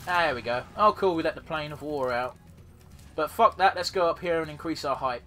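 Guy, let's play commentary, bright forceful voice, fairly high pitch, casual and sweary, faint game music behind. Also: brisk. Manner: chatty, rambling, swears freely.

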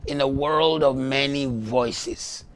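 A man preaching a sermon, slow and emphatic, rising to loud shouts when he acts out voices in a story. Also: mid-range voice, steady tone. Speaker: pastor.

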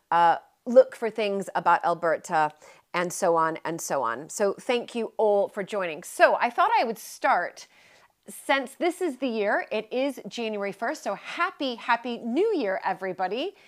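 An American woman talking to viewers on a casual live stream from a historic country house, chatty and warm with fillers and self-corrections. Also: mid-range voice. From United States. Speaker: live-streaming heritage vlogger. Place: historic manor house in rural southwest England.

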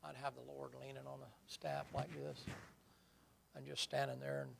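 Gravelly preacher, folksy. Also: male voice, mid-range voice, normal speed, a little hiss or hum. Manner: folksy storytelling, vivid and animated. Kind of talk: sermon.

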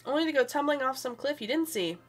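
A woman's voice: sits high, expressive, fast, faint music behind. A woman reading a friendly young male classmate calling on the phone, in her own plain voice. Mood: chatty. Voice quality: plain reading voice, no accent put on.

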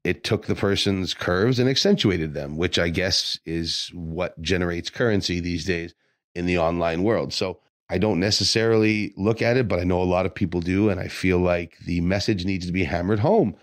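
A man's voice: sits low, moderate pace, no echo, studio quality. A man co-hosting a fitness podcast as a trainer, chatting casually and ranting with conviction. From Quebec.

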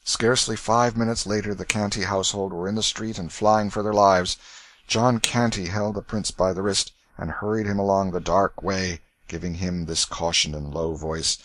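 A man reading an audiobook in a measured, clear storytelling manner. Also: sits low, steady tone, a bit bright, no room sound. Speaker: audiobook reader. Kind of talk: scripted narration.

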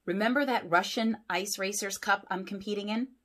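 A woman's voice: mid-range voice, moderate pace, fairly bright tone, pitched above the performer's own voice, natural voice. A woman reading a storybook aloud, voicing a young male race car who talks earnestly to his friend.

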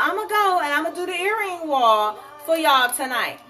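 A woman hosts a live jewelry sale in a sassy, animated way, calling her viewers honey. Her voice sits high and bright, with faint music playing behind her. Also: fairly quick, few pauses. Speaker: online jewelry seller. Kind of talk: live sales stream.

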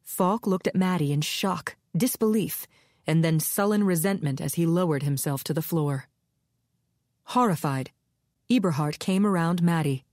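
Low-voiced woman narrating a thriller. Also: moderate pace, darkish tone, no echo, clean studio sound. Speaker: audiobook narrator. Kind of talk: scripted narration.

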